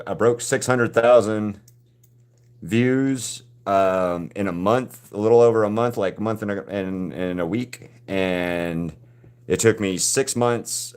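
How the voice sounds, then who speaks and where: A man hosting a live drawing stream, chatting casually with viewers and often restarting his sentences. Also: on the low side. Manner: halting, frequent restarts and repeated words.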